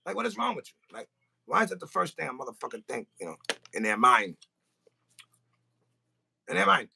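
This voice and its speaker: A man hosting a podcast in a studio, ranting with animated, profane, comic storytelling. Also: medium pitch, normal speed, vocal fry, noisy background. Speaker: podcast host. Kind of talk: casual podcast rant.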